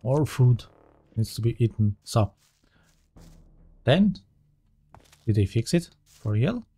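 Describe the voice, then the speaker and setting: A man's voice: mid-range voice, big pitch swings, takes it slowly, mellow, no room sound. A man giving casual let's-play commentary as he plays, thinking aloud and often correcting himself mid-sentence. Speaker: gaming channel host.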